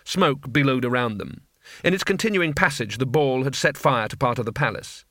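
A man narrating an audiobook in a wry, steady storytelling manner. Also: mid-range voice, normal speed, dry recording, clean studio sound.

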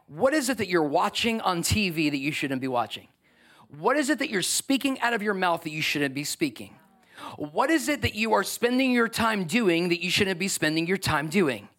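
A man with a high, bright-pitched voice preaches a sermon into a church microphone. He is passionate and fervent, pressing his congregation with rapid rhetorical questions and loosening things up with offhand humor. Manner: casual asides and humor. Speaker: pastor.

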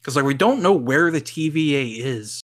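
A man's voice: a little high, animated, normal speed, a bit bright. A man co-hosting a podcast, chatting casually with lots of fillers and laughter. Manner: rambling, lots of likes and ums, laughs often. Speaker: podcast co-host. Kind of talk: casual chat.

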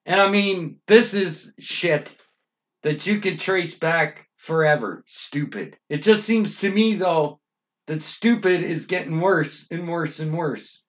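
A middle-aged Canadian man hosting a podcast, ranting angrily with constant swearing and emphatic outbursts. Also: fairly high pitch. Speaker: podcast host. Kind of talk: profane ranting monologue.

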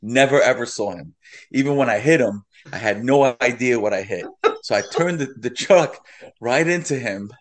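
A man who is a guest on a podcast, telling a story in an animated way, acting out the voices and laughing along. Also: mid-range voice, moderate pace.

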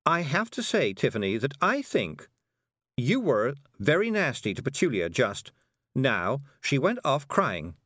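A man's voice: mid-range voice, huge pitch swings, unhurried, fairly bright tone, dry recording, studio quality, voice pushed up, heavily acted. A man reading aloud, voicing a fussy, kindly, busy middle-aged woman witch.

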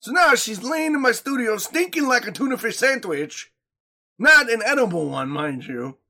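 A man co-hosting a podcast, telling stories in an animated, joking, profane way. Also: very high voice, normal speed. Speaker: podcast co-host. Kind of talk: casual chat, storytelling.

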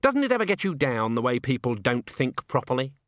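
A man's voice: medium pitch, very animated, brisk, a bit bright, dry recording, studio quality. A man voicing a stern, blunt old witch woman who asks probing questions.

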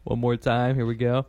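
A man's voice: on the high side, no echo. A man co-hosting a radio show who runs a silly guessing game, laughing often as he talks. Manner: laughs often, giggly delivery. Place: radio studio.

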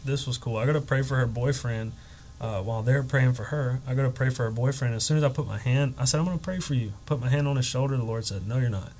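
A man telling a personal story as a guest on a podcast, animated, acting out the quotes with emotion. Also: mid-range voice, quick pace, poor audio.

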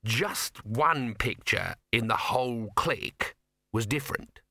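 A man's voice: mid-range voice, expressive, a little slow, gravelly, bright, forceful tone, breathy edge, dry recording, clean studio sound, exaggerated voice. A man doing a sly wheedling hustler. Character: scheming middle-aged male hustler with cigar.

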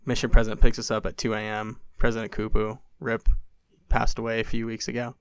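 A man's voice: lowish voice, brisk, clean tone, dry recording, studio quality. A young man telling a long story on a podcast in casual chat, acting out what others said, with lots of "like" fillers. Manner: animated, acts out quotes, many "like" fillers. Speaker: podcast guest.

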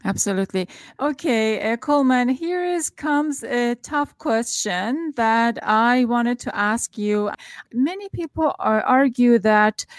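A woman moderating a panel discussion, asking questions in a hesitant, halting way. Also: fairly high pitch, no room sound.

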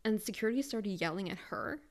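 A woman's voice: mid-range voice, animated, fairly quick. A young woman in her twenties, co-hosting a podcast and telling a story in casual, profane chat. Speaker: podcast co-host.

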